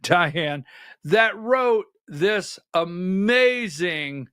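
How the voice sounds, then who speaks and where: Man, high voice, folksy political talk host who leans on rhetorical questions; dry close mic. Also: animated, very slow, bright, forceful tone, clear, resonant tone, dry recording. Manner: folksy and rhetorical, asks repeated questions and quotes others. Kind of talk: livestream commentary, talking to listeners.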